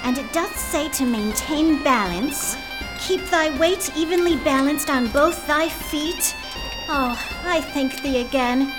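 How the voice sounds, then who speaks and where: A woman's voice: sits high, takes it slowly, music in the background. A woman voicing an earnest girl who plays a gracious king, speaking politely in mock-old English.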